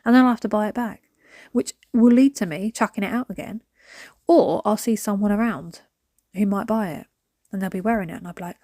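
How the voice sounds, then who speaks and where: A woman chatting casually to the camera while she declutters, rambling and sometimes dropping to a soft whisper. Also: mid-range voice, a little fast, no echo, clean studio sound. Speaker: vlogger.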